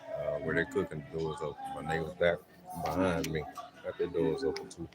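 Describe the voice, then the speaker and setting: A man's voice: extremely low pitch, level tone, brisk, loud music behind the voice, rough recording. A middle-aged man hosting a casual livestream from home, chatting with viewers in a laid-back, rambling way and often saying "man.". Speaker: livestream host. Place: at home in a hot city neighborhood.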